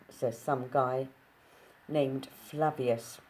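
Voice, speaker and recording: A woman reading a novel aloud in an unhurried way, with casual asides to her listeners. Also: extremely low pitch, mellow. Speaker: audiobook reader.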